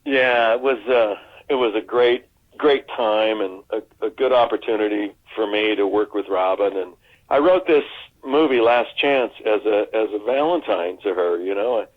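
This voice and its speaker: A man's voice: on the low side, moderate pace. Man telling stories over a tinny line. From United States. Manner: animated anecdote-telling, lots of restarts and acted-out quotes. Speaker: actor guest. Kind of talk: casual interview storytelling. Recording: phone-like narrow sound.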